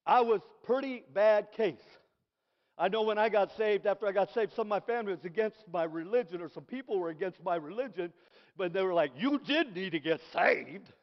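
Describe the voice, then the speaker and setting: A middle-aged man preaches with a strikingly high voice. He is animated, sinking into quiet asides and climbing into shouts. The sound is dull and rings with a long hall reverb. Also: a little fast. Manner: animated, swings from soft asides to shouted praise. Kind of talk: sermon.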